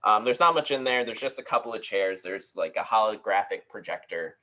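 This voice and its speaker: A young man narrates a tabletop game as its game master, his voice bright and clear. He hesitates often, filling gaps with ums and easy laughs. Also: on the low side, lively intonation, brisk, low-quality recording. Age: young adult.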